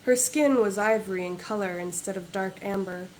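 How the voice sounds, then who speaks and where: Woman author reading her own novel aloud, measured and even, mid pitch, faint background noise. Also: rough recording.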